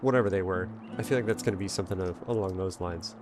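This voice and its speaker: Low-voiced joking gamer man. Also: fast talker, over music. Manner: joking, self-mocking, rambling. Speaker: let's play streamer. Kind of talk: casual gameplay commentary.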